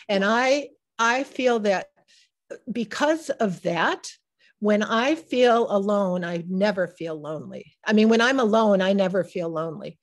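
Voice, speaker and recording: A woman's voice: mid-range voice, measured pace. A woman in her sixties with a Chicago accent, an author telling stories in a casual interview at a synagogue, often restarting her sentences as she goes. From Chicago area, USA. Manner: animated, digressive storyteller who often restarts sentences. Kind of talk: casual conversational storytelling.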